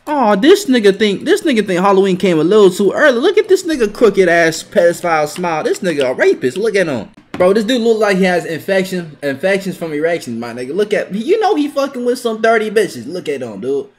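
High, lively trash-talking young man. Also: a little fast, husky. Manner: profane trash-talking, bursts into yelling. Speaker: gaming video creator. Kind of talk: live gameplay commentary.

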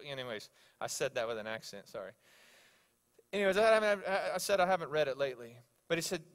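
A male pastor preaching a sermon, telling stories with animated swings between loud exclamations and hushed asides. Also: fairly high pitch, fast talker. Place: church sanctuary.

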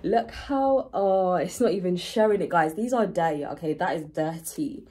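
Young woman, slightly low voice, stuffy nose, rambling vlog chat, faint background noise. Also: moderate pace, warm tone. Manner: rambling and chatty, full of fillers, often says "guys". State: stuffy-nosed from the cold. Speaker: vlogger. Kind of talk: casual chat to camera. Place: home, indoors, small rooms.

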